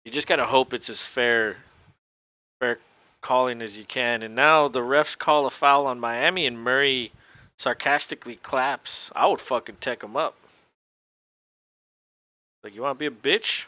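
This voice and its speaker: A man calls a basketball game live in a casual, offhand way and swears freely. His voice is bright and close. The recording is dry and dull, typical of a lo-fi home mic. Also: medium pitch, a little slow, pauses often, no room sound. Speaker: podcast co-host. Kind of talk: casual live play-by-play commentary.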